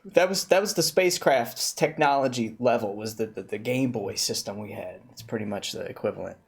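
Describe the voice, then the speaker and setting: A man's voice: medium pitch, a little fast, gravelly, husky. A man hosting a livestream, chatting casually with strangers and repeating words as he thinks. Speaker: livestream host. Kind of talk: casual chat on a video-chat stream.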